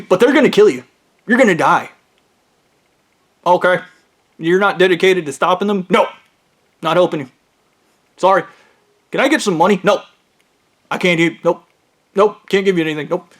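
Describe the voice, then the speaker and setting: A man with a high voice spins a rambling, profane story in monologue, hopping from tangent to tangent. His delivery is loose and swearing-heavy, with quick shifts up and down in loudness.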